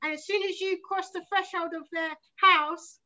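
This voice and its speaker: A woman's voice: very high voice, fairly even intonation, moderate pace, sharp tone. A woman in her forties with a London accent, a guest chatting in a rambling, sweary, enthusiastic way. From South London, England. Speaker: guest musician. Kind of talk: casual chat. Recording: slightly muffled lo-fi sound.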